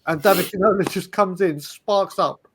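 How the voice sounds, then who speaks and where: A man in casual chat, telling animated stories with frequent restarts. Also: sits high, moderate pace, breathy edge. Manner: animated, storytelling, restarts often. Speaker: podcast panelist.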